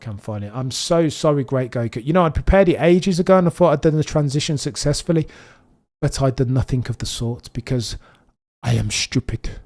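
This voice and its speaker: Brummie guy streaming a watchalong, mild accent, chatty and excitable, talks right to chat. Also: fairly high pitch, brisk. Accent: mild Birmingham English. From Birmingham, England. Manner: excitable and chatty, talks straight to his viewers. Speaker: streamer hosting a live watchalong. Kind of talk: live streaming commentary chat.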